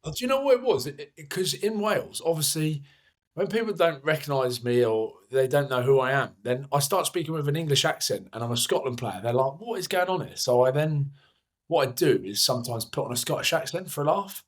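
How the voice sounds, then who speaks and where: A man's voice: a little high, expressive, a little fast. A young man co-hosting a podcast, hungover, telling rambling, self-mocking stories in casual chat. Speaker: podcast co-host.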